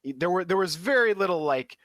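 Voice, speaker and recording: A man's voice: high voice, lively intonation, quick pace, a bit bright, no echo, studio quality. A man co-hosting a podcast in casual chat, blunt and opinionated, swearing freely. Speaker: podcast co-host.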